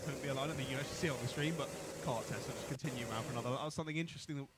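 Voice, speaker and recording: A man co-commentating live on a kart race, chatty and quick to explain driving technique. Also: mid-range voice, heavy background noise. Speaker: karting co-commentator. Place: commentary box at a kart track.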